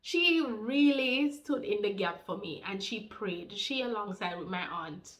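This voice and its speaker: A woman's voice: mid-range voice, a little slow. Heartfelt Jamaican woman telling her testimony. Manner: animated, heartfelt, mixes in patois. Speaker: faith channel co-host. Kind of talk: personal testimony storytelling.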